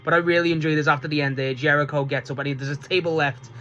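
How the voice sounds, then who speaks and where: Excitable, swearing young man reviewing wrestling. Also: a little high, racing, soft background music. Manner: excitable, swears often, laughs mid-sentence; rambling, full of restarts and filler. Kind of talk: casual spoken show review.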